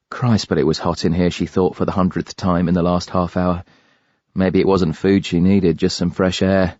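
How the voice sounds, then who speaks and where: A man narrating an audiobook thriller in a measured, grave read. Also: low-pitched, darkish tone, no echo, muffled recording. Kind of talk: scripted narration.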